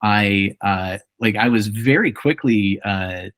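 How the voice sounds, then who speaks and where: A man in his forties, an actor, chatting playfully as a podcast guest and telling animated stories. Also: fairly low pitch, slow. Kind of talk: casual chat.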